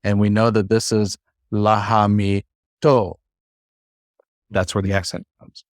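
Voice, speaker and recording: A man with a low voice teaches a classroom lesson. He talks in a relaxed, halting way, full of "uh" and restarted sentences. The sound is dry and close. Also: no echo. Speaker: Bible Hebrew teacher.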